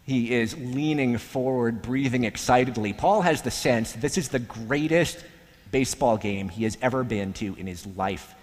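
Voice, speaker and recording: A pastor preaching a sermon in a slow, measured way, with long pauses, sometimes dropping to a hushed voice. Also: male voice, mid-range voice. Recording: echoey hall with long reverb.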